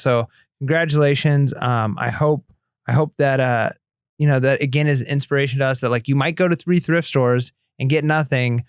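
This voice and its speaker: A man's voice: mid-range voice, dry recording, studio quality. A man co-hosting a casual podcast, chatting and reading listener messages aloud in an encouraging way. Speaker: podcast co-host.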